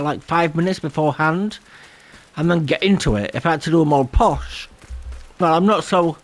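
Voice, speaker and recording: A man hosting a gameplay video, rambling and self-deprecating and laughing often. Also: on the high side. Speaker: gaming channel host. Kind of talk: casual gameplay commentary.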